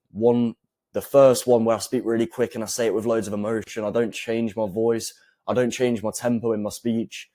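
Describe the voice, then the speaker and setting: A young man with a very low voice coaches his viewers on fitness and self-respect. He talks calmly and with conviction, pausing before his main points. The sound is dry and close. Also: dry recording. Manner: calm, deliberate, with pauses for emphasis. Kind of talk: direct-to-camera advice talk.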